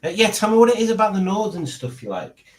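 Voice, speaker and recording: A man's voice: sits high, very animated, fast talker. A man hosting a live stream, chatting casually, rambling and joking as he reads out viewer comments. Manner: rambling, jokey, reads chat aloud.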